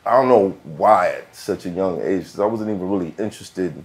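Host, man with a very deep voice, loose and chatty. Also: brisk. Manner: loose, conversational, filler-heavy. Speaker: podcast host. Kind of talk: casual interview chat.

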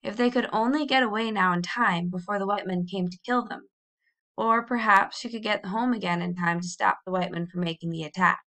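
A woman reads a storybook aloud in a measured, expressive way. Her mid-pitched voice has a gravelly, creaky texture. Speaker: audiobook reader. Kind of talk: storybook narration.

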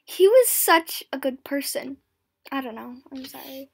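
A high-voiced girl talks over her game in an easygoing, unhurried way, her words a little altered by brand-new braces. She giggles and slips into whispers now and then, with soft mouse clicks in the background. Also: lively intonation, creaky. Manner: giggly, chatty, often drops to a whisper. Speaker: gameplay commentator. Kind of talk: casual game commentary.

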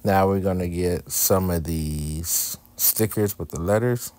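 Man, very deep voice, casual craft voice-over, candid and joking. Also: unhurried, a little mellow. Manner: candid, joking, self-deprecating. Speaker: husband narrating a craft video.

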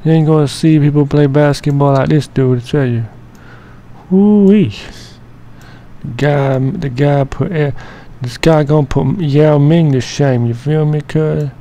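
Man, gravelly fry, mellow dark tone, slangy profane rambling, casual editing commentary. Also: fairly high pitch, steady tone, moderate pace, hardly any pauses. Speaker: editing tutorial narrator.

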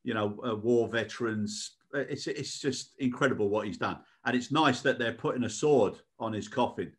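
A man's voice: medium pitch, normal speed, husky. Earnest British man, podcast co-host. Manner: earnest, repeats words as he goes. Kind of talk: casual podcast chat.

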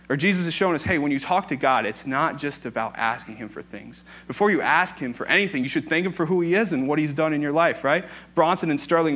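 Lively young male pastor preaching. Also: a little high. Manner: conversational, animated storytelling with playful asides. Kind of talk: sermon.

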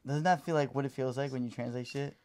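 A young man co-hosting a podcast, telling a story in a casual, swear-heavy way and loudly acting out text messages. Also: mid-range voice, quick pace. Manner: animated, swears a lot, acts out texts loudly. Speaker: podcast co-host.

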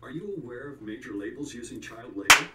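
An actor playing an upbeat male fashion show producer in a video game, giving brisk, businesslike instructions. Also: mid-range voice, animated, very noisy, natural voice. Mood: briefing. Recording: roomy, distant game audio.

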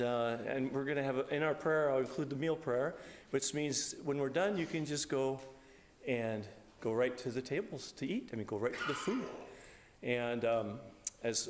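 A man's voice: medium pitch, background noise. A man, a pastor, giving a conversational Bible study lecture in a church hall, often restarting his sentences. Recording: reverberant hall.

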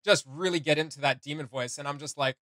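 A man's voice: fairly high pitch, fast, no room sound. A man co-hosting a reaction show, chatting casually and critiquing with lots of restarts. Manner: animated, critiquing, many restarts and "like".

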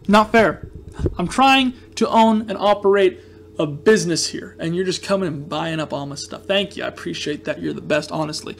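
A man's voice: sits high, normal speed, vocal fry, a little hiss or hum. A man hosting a Minecraft let's-play, giving casual, jokey, rambling commentary with playful sarcasm.

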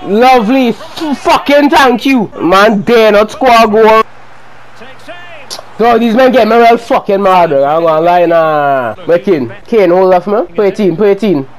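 A young man giving heated, profane commentary while playing a football video game, often shouting at his players. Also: sits high, unhurried, low-quality recording. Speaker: gaming video creator.

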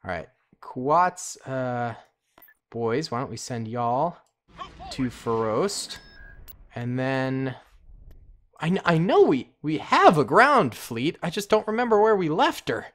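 A man giving casual, excitable, slangy commentary while playing a strategy game, talking to himself and his viewers. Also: mid-range voice, takes it slowly, long pauses. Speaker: gaming commentator. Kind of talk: casual let's-play commentary.

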